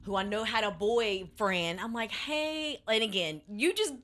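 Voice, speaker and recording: A young adult woman speaks as an interview guest, her voice bright and forceful. She tells her story candidly and with lots of profanity. Her delivery stays animated throughout. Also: medium pitch, normal speed.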